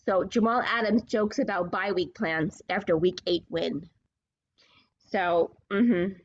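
A woman's voice: medium pitch, fairly even intonation, slow, highs cut off. A woman hosting a sports podcast, ranting in a combative, profane and sarcastic way. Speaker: podcast host.

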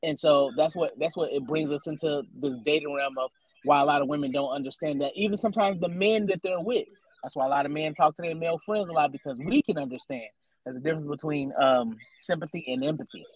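A man's voice: on the high side, fast, no room sound, rough recording. A man in his thirties on a casual adult chat podcast, teasing a co-host with questions and then explaining his opinions at length. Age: 30s.

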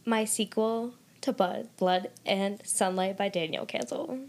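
A woman's voice: medium pitch, unhurried, vocal fry, a little mellow. A woman co-hosting a book podcast in casual chat, gushing and dramatic, with lots of "like". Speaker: podcast co-host.

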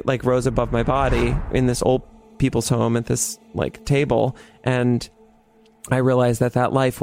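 A young man telling a story in casual talk, animated, with lots of swearing and "like". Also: medium pitch. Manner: animated, swears a lot, heavy use of "like".

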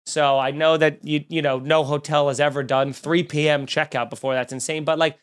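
Animated, swearing male storyteller, smooth voice. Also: on the high side, brisk. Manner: animated, profane, joking storyteller. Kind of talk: casual storytelling chat.

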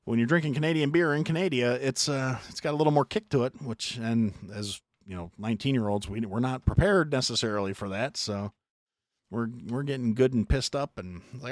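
A middle-aged American man hosting a podcast, telling a long story in a profane, animated way with mock voices. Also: mid-range voice, fairly quick, creaky, no echo, studio quality. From United States. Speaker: podcast host. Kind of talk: casual storytelling chat.

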